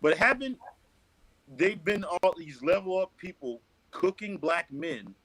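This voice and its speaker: A man's voice: sits high, animated, unhurried, fairly bright tone, breathy edge, low-quality recording. A man hosting a livestream debate panel who keeps cutting in with repeated words. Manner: interrupting, cuts in with repeated words. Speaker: show host.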